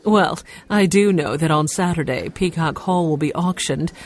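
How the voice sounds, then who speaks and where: A woman voicing a pushy, smug woman real estate agent who talks briskly in a storybook reading. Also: deep voice, natural voice.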